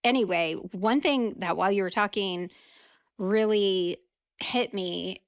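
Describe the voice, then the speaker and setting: A woman's voice: mid-range voice, slow pace, no room sound, clean studio sound. A woman who hosts a podcast and works as a labor nurse, chatting with her guest and speaking directly to her listeners. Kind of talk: podcast interview.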